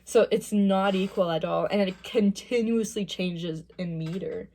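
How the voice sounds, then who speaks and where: A young woman talks her way through a listening session as a music student, casual and analytical. She thinks out loud, with a mid-range pitch and an easygoing chatty flow. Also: steady tone, unhurried. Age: young adult. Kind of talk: casual listening reaction commentary.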